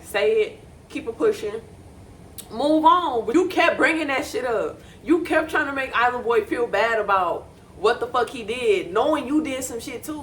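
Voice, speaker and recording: A young woman giving blunt, profane, animated commentary on a reality show. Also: on the high side, slight background noise. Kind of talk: casual reaction commentary.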